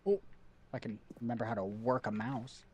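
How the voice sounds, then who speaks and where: A man's voice: mid-range voice, fairly even intonation, normal speed, a little hiss or hum. A man streaming a game from home, chatting casually and rambling to his chat, repeating himself as he goes.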